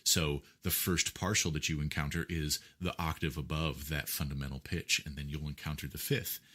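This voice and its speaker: Very deep-voiced man explaining at length. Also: fairly even intonation, normal speed, sharp tone. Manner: lecturing, with many fillers and rhetorical checks. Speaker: guest musician. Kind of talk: explanatory interview talk.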